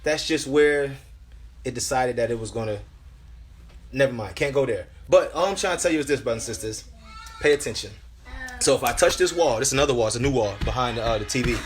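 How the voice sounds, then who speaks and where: A man's voice: medium pitch, fairly quick, pauses often, slight background noise. A man preaching fervently at home, full of restarts and repeatedly calling listeners brothers and sisters. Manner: fervent and repetitive, with many restarts. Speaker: lay preacher. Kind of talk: impassioned home sermon. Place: at home, indoors.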